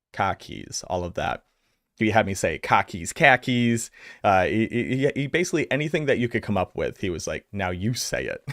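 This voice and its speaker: Low-voiced man with a Boston accent. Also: fairly bright tone, no echo, studio quality. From Massachusetts, US. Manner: rambling, filler-heavy storytelling. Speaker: streamer. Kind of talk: casual reaction commentary.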